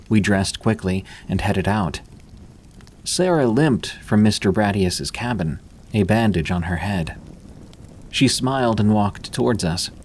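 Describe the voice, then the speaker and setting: A man reading first-person horror stories aloud as scripted narration, in a steady, measured delivery. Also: deep voice, a little hiss or hum.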